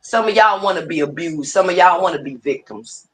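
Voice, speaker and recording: A woman's voice: fairly low pitch, a little fast. A woman hosting a livestream, ranting casually with heated, profane, repetitive talk. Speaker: livestream host.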